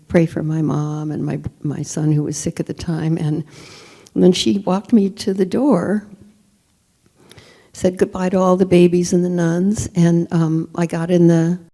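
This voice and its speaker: A woman's voice: lowish voice, gravelly, dark tone. A woman telling a personal story in a church talk, candid and emphatic, often searching for words. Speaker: speaker.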